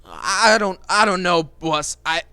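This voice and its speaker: A man's voice: high-pitched, measured pace, creaky, sharp tone, smooth, dry recording, full character voice. A man voicing a bumbling, confused male henchman in a tabletop game, stammering and unsure. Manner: hesitant, stammering.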